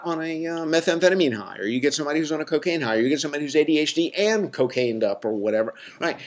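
A man who works in mental health, giving a casual, emphatic talk to his listeners, full of "right?" asides and mocking quoted voices. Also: mid-range voice. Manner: conversational, many fillers and "right?" asides. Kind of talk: casual lecture to an audience.

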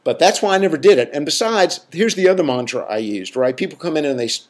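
A man's voice: on the high side, expressive, quick pace. A middle-aged man hosting a podcast, talking in a folksy, emphatic and preachy way. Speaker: podcast host. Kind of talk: casual monologue.

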